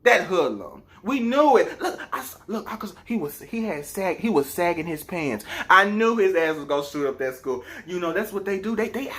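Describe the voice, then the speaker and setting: A man's voice: sits high, sing-song, moderate pace, few pauses, fairly bright tone, heavily acted. A man voicing a callous, dismissive middle-aged stepmother who talks in a flippant, sneering way.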